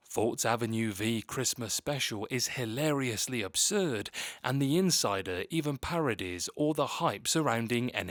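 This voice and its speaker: A man narrating a scripted video essay in a steady, measured read. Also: medium pitch, dry recording, clean studio sound.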